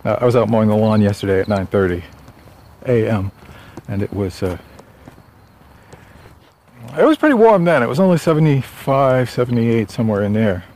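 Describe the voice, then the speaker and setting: A man's voice: on the low side, animated, normal speed, pauses often, darkish tone. Man, casual walking vlog, chatty and rambling, slightly winded, outdoors, faint street noise. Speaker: author vlogging on a walk. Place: outdoors on a sunny suburban street.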